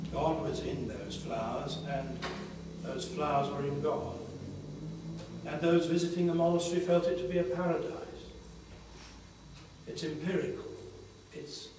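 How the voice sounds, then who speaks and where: An older man giving a slow, reflective spiritual talk at a conference panel, pausing often between phrases. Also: fairly high pitch, steady tone, noisy background. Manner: slow, reflective, with long pauses. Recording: echoey hall from far off.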